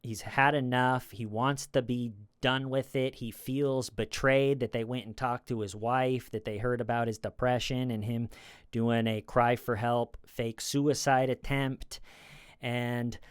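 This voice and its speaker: A man's voice: mid-range voice, steady tone, a little slow, clean tone, no room sound. Male true crime commentator, casual and rambling, resonant voice, dry close mic. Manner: rambling, acts out quoted lines in a raised voice.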